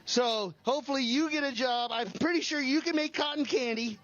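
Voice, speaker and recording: A man in his forties, a loud, joking trackside interviewer at a race finish, heard through dull lo-fi livestream audio. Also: very high voice, fairly quick. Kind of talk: excited post-race interview. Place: outdoors at a desert race finish.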